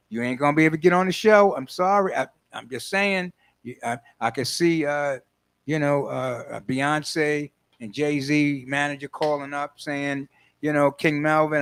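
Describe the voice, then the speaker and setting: An older man with a New York accent, hosting a call-in show in a loose, chatty monologue. His voice sits a touch high for a man, and he tells stories playfully, slipping into mock quotes. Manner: animated, playful storytelling with laughs and mock quotes. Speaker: host. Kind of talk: casual radio-style monologue.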